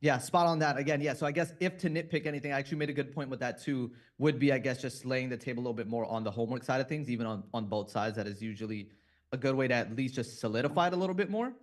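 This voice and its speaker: Fast-talking man giving feedback. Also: medium pitch. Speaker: judge in a sales competition. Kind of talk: casual feedback.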